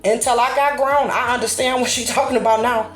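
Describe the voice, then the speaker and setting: A woman's voice: a little high, fairly even intonation, brisk, a bit bright. A woman host giving casual commentary to her camera, blunt and profane, telling her stories with animation. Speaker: channel host. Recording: echoey room with faint music.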